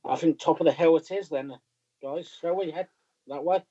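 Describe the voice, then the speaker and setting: Fairly high-voiced man playing a tabletop game. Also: normal speed, dark tone. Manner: playful, slips into his character's lines. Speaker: player. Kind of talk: casual game chat. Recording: muffled lo-fi stream audio.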